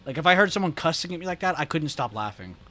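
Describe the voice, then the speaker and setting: A man's voice: fairly high pitch, expressive, quick pace, sharp tone. Laid-back man chatting on stream. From United States. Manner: laid-back, laughs often, reacts to chat. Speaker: stream host. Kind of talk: casual livestream chat.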